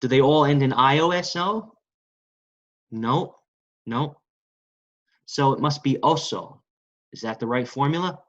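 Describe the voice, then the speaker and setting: A male language teacher at an ordinary middle pitch who coaxes his listeners along, repeating words and asking them to say them with him. He keeps checking in with short prompts between examples. The recording sounds dull and lo-fi. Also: unhurried, long pauses, fairly bright tone. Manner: coaxing, repetitive, asks the class to repeat. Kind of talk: classroom-style lesson.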